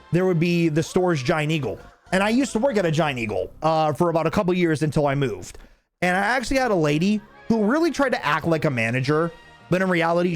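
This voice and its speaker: A young man streaming a game, telling a rambling, profane story in a casual chat. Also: fairly high pitch.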